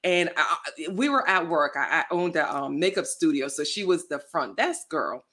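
A woman guest on a podcast, chatting casually and telling animated stories in which she acts out what people said. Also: sits low, moderate pace. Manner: animated storytelling, acts out quotes. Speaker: guest, plant-based lifestyle influencer.

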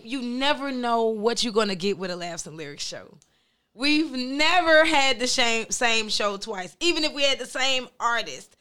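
A woman co-host, talking in a loud, playful, high-energy way and laughing as she tells stories. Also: smooth. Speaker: co-host and event host. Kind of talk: casual hype talk and storytelling.

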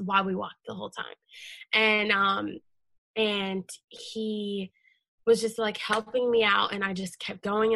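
A young American woman speaks as a podcast guest, sharing a heartfelt memory in an earnest, emotional way. Her voice sits in a middle pitch and is recorded dry and close, with no room sound. She talks casually, with many fillers and restarts. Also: pushed and bright, dry recording. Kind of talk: casual interview conversation.

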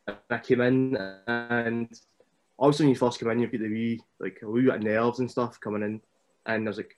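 A young man with a Scottish accent, a wrestler chatting casually as a podcast guest and telling stories in an animated way. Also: mid-range voice, moderate pace. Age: young adult.

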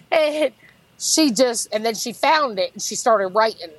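A woman, a podcast guest telling stories in an animated way, laughing and acting out what others said. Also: on the high side, takes it slowly, breathy edge, no echo, rough recording. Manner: animated, laughs through stories, acts out quotes. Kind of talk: casual storytelling.

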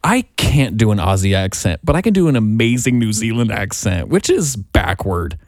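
A man's voice: fairly low pitch, big pitch swings, moderate pace, dry recording, studio quality. A man co-hosting a podcast, chatting casually and jokingly. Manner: playful, laughing, jokey. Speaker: podcast co-host. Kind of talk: casual chat.

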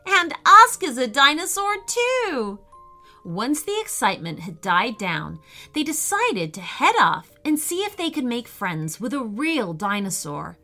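Slow, bright-voiced woman storyteller. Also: mid-range voice, faint music behind. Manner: slow, gentle, expressive reading. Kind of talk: children's story narration.

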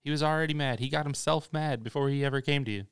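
A man in casual chat as co-host, relaxed and swearing casually while telling his own story. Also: on the high side, quick pace, smooth. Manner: laid-back, swears casually. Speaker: podcast co-host.

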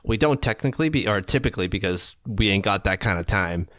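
A man co-hosting a hockey podcast in casual chat. He talks in an animated, opinionated way, often restarting his sentences. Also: fairly low pitch, quick pace, no room sound, studio quality.

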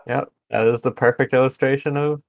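A man's voice: medium pitch, fairly even intonation, fairly quick, vocal fry. Podcast cohost guy, short replies, chuckles along. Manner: brief reactions with laughs. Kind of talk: casual chat.

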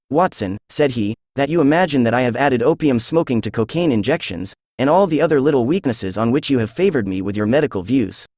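A man's voice: mid-range voice, no echo. Synthesized male voice reading a classic story. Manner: even synthesized reading, little change between characters. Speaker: narrator. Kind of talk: scripted audiobook narration.

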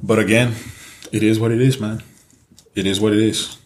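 Earnest low-voiced man with a Mexican accent. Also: fairly even intonation, normal speed, slight background noise. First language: Spanish. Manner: earnest, repetitive, swears casually. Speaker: podcast co-host. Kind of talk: casual podcast chat.

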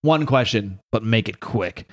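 A man voicing a hulking green male monster who speaks in short, gruff, threatening lines. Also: lowish voice, expressive, unhurried. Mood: blunt.

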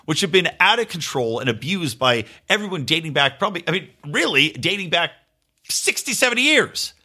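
A male podcast host delivering a profane political rant in a bright, sharp voice. He swings his pitch around a lot and slips into mocking impressions. His pitch sits a little high for a man. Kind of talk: ranting political commentary.

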